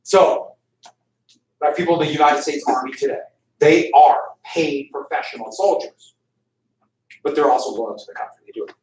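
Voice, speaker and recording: Recorded from a distance in an echoey classroom, a man lectures on history at normal speed, his voice a little high and broken by long pauses. He's animated, turning the lesson into a story, acting out quotes and posing questions to students.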